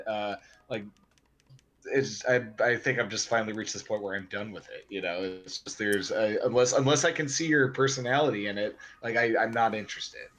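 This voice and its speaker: A man's voice: medium pitch, fairly bright tone. A man on a casual movie podcast, thoughtful and hesitant, with many ums and restarts. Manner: hesitant, full of fillers, thoughtful. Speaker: podcast co-host. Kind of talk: casual group chat about movies.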